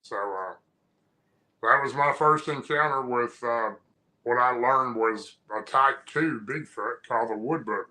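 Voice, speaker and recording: A man's voice: mid-range voice, unhurried, bright, forceful tone, rough recording. A man, a guest on an interview, telling a personal story in a rambling, folksy way with frequent restarts. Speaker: guest recounting an encounter. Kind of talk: casual storytelling.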